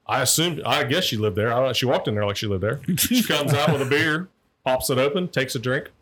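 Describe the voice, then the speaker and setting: A man's voice: medium pitch, fairly quick, a bit bright, breathy edge. A man, a former liquor enforcement agent, telling rambling, profane stories in casual chat, repeating words as he restarts sentences. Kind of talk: casual anecdotal storytelling.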